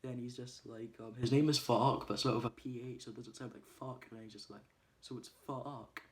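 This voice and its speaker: A man's voice: medium pitch, fairly even intonation, very fast. A man casually retelling a film plot, hesitating often with ums and uhs. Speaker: movie reviewer.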